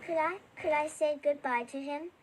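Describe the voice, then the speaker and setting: A woman's voice: high voice, moderate pace, natural voice. A woman reading as a huge, shaggy male giant who sobs and stammers through his words. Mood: tearful. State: sobbing.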